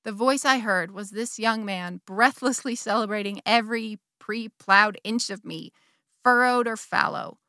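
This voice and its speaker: A woman's voice: medium pitch, a little slow, pushed and bright, no echo, clean studio sound. An actress playing a middle-aged churchgoing wife who confesses an affair to her bishop, wry and candid, with sudden bursts of feeling. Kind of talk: dramatic monologue.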